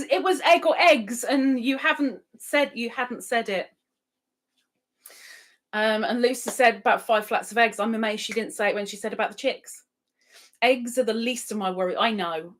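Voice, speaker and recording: A woman hosting a casual live stream, chatting and reading out viewer comments with frequent laughs. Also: on the high side. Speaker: livestream host. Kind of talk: casual live-chat talk.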